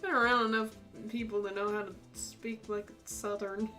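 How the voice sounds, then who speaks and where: A woman's voice: medium pitch, a bit bright. A woman giving casual, chatty commentary while playing a game, laughing often. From United States. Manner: giggly, chatty. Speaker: let's play host.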